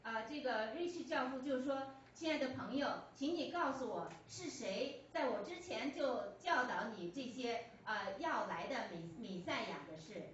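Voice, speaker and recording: A woman's voice: high-pitched, animated, normal speed, few pauses. A woman interpreting a sermon phrase by phrase, with hesitant fillers and restarts as she goes. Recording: echoey church hall, distant mic, dull lo-fi, faint hum.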